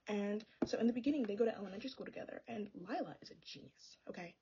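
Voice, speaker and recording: A woman's voice: mid-range voice, rapid-fire, muffled recording, background noise. A young woman ranting about a book in a sassy, exasperated, casual vlog style. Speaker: book vlogger. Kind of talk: casual chatty book review.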